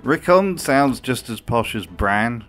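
A man's voice: mid-range voice, animated, takes it slowly, fairly bright tone, faint music behind. A man giving comedic commentary in a video essay, full of dry, sardonic asides.

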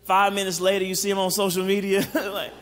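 A man's voice: high-pitched, monotone, a little fast, fairly bright tone. A man preaching a casual, joking sermon on dating to a congregation, asking them questions. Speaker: guest preacher. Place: church sanctuary. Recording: long hall reverb.

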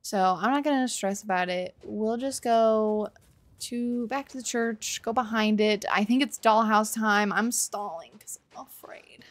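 A woman with a mid-range voice, speaking a little slowly, streams her first-ever horror game with live commentary. Startled, she lets out curses, and she keeps apologizing to the characters.

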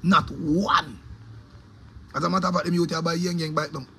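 A man's voice: on the high side, steady tone, normal speed, creaky, sharp tone, a little hiss or hum. A man with a Jamaican accent, a DJ delivering an angry, profane, repetitive rant about his opinions. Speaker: DJ giving opinions.

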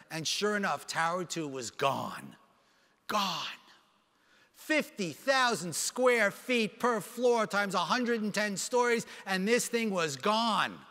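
A man with a high, bright, forceful voice gives a keynote talk from a stage. He tells a personal story with animated energy and briefly plays each person in it. His voice rings with the long reverb of a big conference hall. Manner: animated, acts out dialogue with quick voice changes. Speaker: keynote speaker. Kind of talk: dramatic personal storytelling speech.

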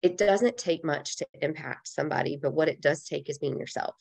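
A woman with a low, gravelly voice speaks to a podcast host. She is earnest and reflective and drops casual fillers as she talks. The sound is close and dry, with little room. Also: a little fast, darkish tone, dry recording. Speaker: podcast guest. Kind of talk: heartfelt conversational interview.

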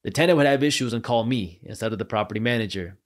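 Man telling animated stories as a guest. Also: medium pitch, fast. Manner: acts out the people in his stories with lively voices. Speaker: podcast guest, entrepreneur. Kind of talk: animated storytelling.

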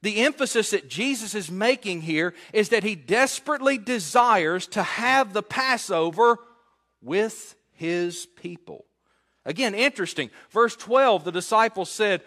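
Lively high-voiced pastor preaching. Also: male voice, moderate pace. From United States. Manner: animated, conversational, asks the congregation questions. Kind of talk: expository sermon.

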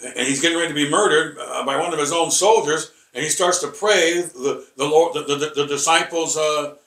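A man teaching a rambling Bible lesson, halting and repeating words with many fillers, emphatic and combative. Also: a little high, steady tone, fairly bright tone. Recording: echoey room, voice from far off.

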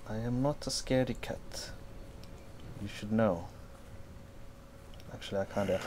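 Male gamer, let's-play commentary, unhurried speech, swears a lot, faint background hum. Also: fairly low pitch. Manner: swearing, excitable, talks back to game characters. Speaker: gamer playing through a game.

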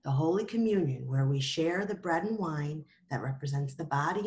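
A woman teaching a Sunday school lesson, telling a Bible story to children and gently asking them questions along the way. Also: sits low, expressive, normal speed.

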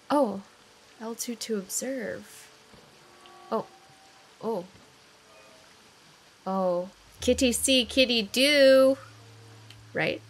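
High-voiced excitable woman gaming. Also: slow, long pauses. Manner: excitable, gasping and cooing at the cat. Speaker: gaming channel host. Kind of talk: let's play commentary. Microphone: desk condenser microphone.

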